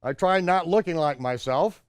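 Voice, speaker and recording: An older man telling a personal story in an animated way, acting out the shouted exchanges in a higher voice. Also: normal speed, clear, resonant tone, dry recording. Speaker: storyteller recounting his own travels. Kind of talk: anecdotal storytelling.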